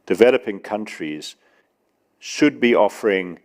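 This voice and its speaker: A man answering audience questions at a conference panel in a measured, explanatory way. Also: fairly low pitch, lively intonation. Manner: measured, explanatory, with some restarts.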